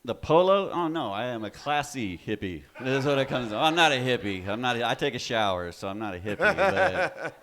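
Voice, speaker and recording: This stand-up comedian is a West Texas man in his forties with a Texan accent, working a club stage with a loose, profane set and laughing at his own jokes. His medium-pitched voice swings widely in pitch, moving at a brisk clip with a slightly bright quality.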